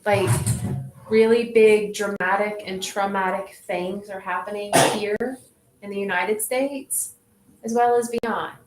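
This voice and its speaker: A woman leading a group in a relaxed, reflective way, often saying "like". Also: medium pitch, unhurried. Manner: relaxed, reflective, says "like" a lot. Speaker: group facilitator. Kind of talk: casual wellness group talk. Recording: echoey room, faint noise.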